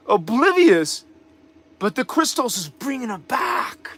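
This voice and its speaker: A man's voice: very high voice, sing-song, measured pace, gravelly, fairly bright tone, breathy edge, no room sound. A man giving a live spiritual teaching talk as the channel's host, emphatic and preachy, with mocking asides and frequent repetitions.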